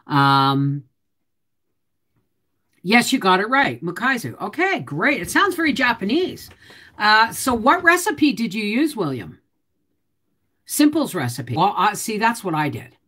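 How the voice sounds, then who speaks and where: Lively, chatty woman streamer. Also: mid-range voice, measured pace, pauses often. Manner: chatty, reads and answers viewer comments, teasing. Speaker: homestead channel host. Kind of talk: live-stream chat with viewers.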